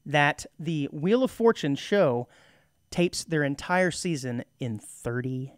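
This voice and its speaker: A man co-hosting a podcast in casual chat, joking with quick asides. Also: a little high, animated, no echo, studio quality. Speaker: podcast co-host.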